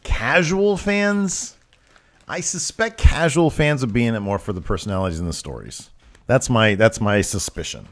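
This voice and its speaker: A man's voice: on the low side, brisk. A man co-hosting a live wrestling talk show, chatting casually and reading out fan mail with jokey asides. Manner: animated, jokey, reads fan letters. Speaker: wrestling podcast co-host. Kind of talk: casual chat. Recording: live-streamed show set.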